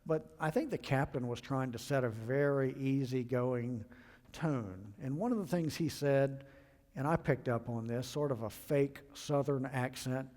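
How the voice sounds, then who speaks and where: A man's voice: a little slow, a little mellow. Earnest middle-aged man lecturing in a hall. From American South. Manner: earnest, emphatic, acts out quotes with rising pitch. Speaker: safety board member lecturing pilots. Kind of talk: presentation lecture. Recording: long hall reverb.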